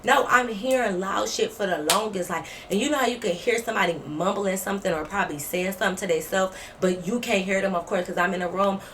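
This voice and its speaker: A woman vlogger telling a story in casual storytime style, animated and profane, acting out quoted dialogue. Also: medium pitch, quick pace, few pauses, a little hiss or hum.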